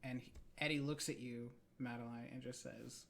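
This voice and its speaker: A game master narrating a tabletop role-playing game slowly, with dramatic pauses. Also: mid-range voice, steady tone, gravelly, fairly bright tone, slight background noise.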